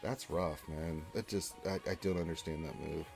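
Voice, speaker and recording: A man's voice: rumbling low, fairly even intonation, moderate pace, creaky, darkish tone, faint music behind. A man co-hosting a casual livestream, reading out viewer greetings and chatting with a rambling, opinionated manner. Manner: reads chat names and greetings aloud, rambling and opinionated. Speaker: livestream co-host.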